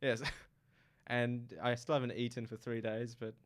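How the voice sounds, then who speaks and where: A young man, a student guest in a casual chat, talking in a halting, playful way and repeating words. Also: medium pitch, completely flat delivery. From Australia.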